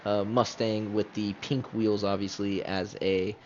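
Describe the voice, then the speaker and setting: A man's voice: fairly low pitch, level tone, a little slow, lo-fi sound, a little hiss or hum. A man giving casual, chatty commentary on a sim race, talking straight to viewers and correcting himself as he goes.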